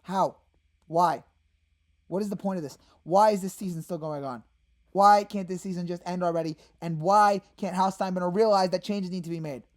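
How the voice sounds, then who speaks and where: A woman hosting a fan channel, ranting in exasperation about her team and breaking into sudden shouted outbursts. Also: fairly low pitch, normal speed. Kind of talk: angry fan rant.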